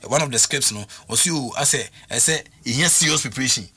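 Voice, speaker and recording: A man's voice: mid-range voice, brisk, bright, forceful tone, husky. A man with a Ghanaian accent talking football on a radio sports show, emphatic and repetitive as he drives his points home. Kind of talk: sports talk radio discussion.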